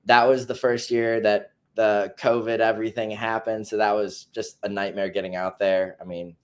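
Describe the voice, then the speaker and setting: A young man with a low-pitched voice tells a story in a relaxed interview, laughing as he goes and slipping into the voices of the people in it. He is a pro soccer player in his twenties, and his delivery is loose and lively. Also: moderate pace. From United States. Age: 20s. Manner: animated storyteller who acts out dialogue and laughs mid-story. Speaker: professional soccer player, guest.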